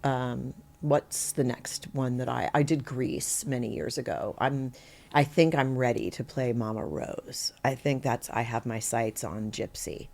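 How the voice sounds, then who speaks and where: A middle-aged woman, an actor guest on a podcast, telling stories in a lively, conversational way and acting out the quotes in them. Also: a bass voice, measured pace, gravelly. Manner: animated, acts out quotes in her story, laughs easily. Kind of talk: conversational interview storytelling.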